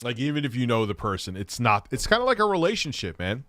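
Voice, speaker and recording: A man's voice: mid-range voice, sing-song, fast talker, fairly bright tone, dry recording. A man hosting a casual livestream Q&A, reading viewer questions aloud and answering in a rambling, profane way.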